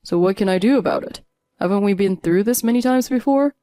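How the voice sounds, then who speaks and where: A woman's voice: mid-range voice, a little fast, dark tone, no echo, lightly acted. A woman voicing a curt, dismissive husband. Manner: curt, annoyed, brushes off pleas. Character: cold dismissive husband, middle-aged man.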